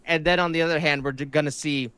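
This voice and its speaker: Bright-voiced man, stammering opinions. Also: on the high side, steady tone, quick pace, no room sound. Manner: stammers and repeats words, often clears his throat. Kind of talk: casual opinion talk.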